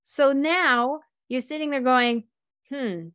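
A woman's voice: fairly high pitch, lively intonation, a little slow, a bit bright, dry recording, studio quality. A woman coach giving a faith-based talk in a chatty storytelling manner, acting out the people she quotes. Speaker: life and business coach.

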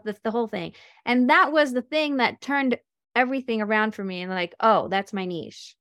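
A woman's voice: fairly high pitch, a bit bright, dry recording, studio quality. A woman coach giving a faith-based talk in a chatty storytelling manner, acting out the people she quotes. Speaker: life and business coach.

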